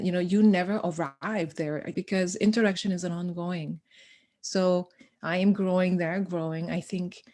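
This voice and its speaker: A woman guest on a podcast, an educator, telling stories in conversation in an animated way, acting out dialogue and laughing often. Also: fairly low pitch. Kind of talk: conversational storytelling.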